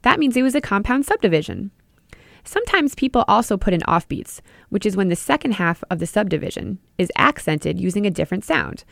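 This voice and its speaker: A woman hosting an educational podcast, explaining ideas clearly in scripted narration and speaking straight to the listener. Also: mid-range voice, big pitch swings, fairly quick, a bit bright, dry recording, clean studio sound. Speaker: podcast host and music teacher.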